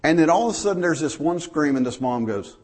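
A man's voice: a little high, lively intonation, fast talker, a little mellow. A man preaching a folksy sermon, telling stories to his congregation. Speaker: pastor.

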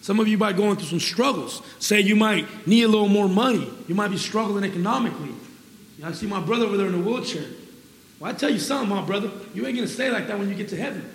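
A male preacher with a high, lively voice and a gravelly edge delivers an exuberant sermon. He laughs and calls out praise between points, then reads scripture with slow care. The sound rings with long reverb, like a big hall. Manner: reads scripture slowly and deliberately.

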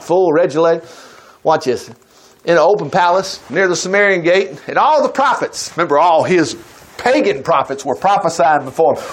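Male preacher, fairly high voice, swooping pitch, folksy, chuckling storyteller. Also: fairly bright tone. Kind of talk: sermon, retelling a Bible story.

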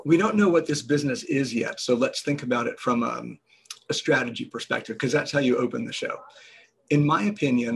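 A man, a business guest on a podcast, explaining ideas in a measured storytelling way. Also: mid-range voice, vocal fry, a little hiss or hum. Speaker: guest entrepreneur.

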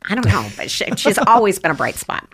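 A woman's voice: mid-range voice, very animated, fairly quick, fairly bright tone, breathy edge. A middle-aged woman from Idaho hosting a casual interview, asking musing questions with small hesitations. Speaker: interviewer, show host.

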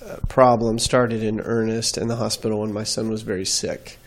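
A man's voice: on the low side, level tone, normal speed. A man, a guest on an interview show, telling his faith story in an earnest, reflective way.

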